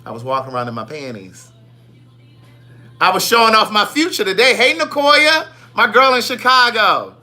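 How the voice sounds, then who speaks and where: A man's voice: sits high, normal speed, faint music behind. A man hosting a casual live stream, greeting viewers by name in a playful, sassy way. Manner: playful, sassy, animated shout-outs. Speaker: livestream host.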